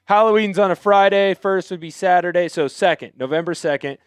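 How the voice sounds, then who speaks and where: A man's voice: high voice, a little fast, smooth, no echo, studio quality. A man hosting a live sports stream, greeting chat viewers in an upbeat, chatty way. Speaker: host.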